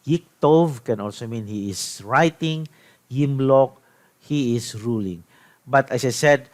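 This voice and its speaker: A middle-aged man with a Filipino accent teaching a biblical Hebrew lesson, explaining slowly with frequent restarts. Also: medium pitch. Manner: slow, halting explanations with many restarts. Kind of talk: recorded classroom lecture.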